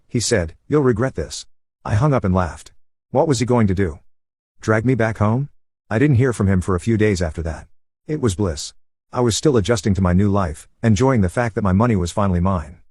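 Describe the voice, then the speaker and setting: Man, low husky voice, even storytelling delivery, dry close voice-over. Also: no room sound. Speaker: narrator. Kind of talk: first-person story narration over gameplay.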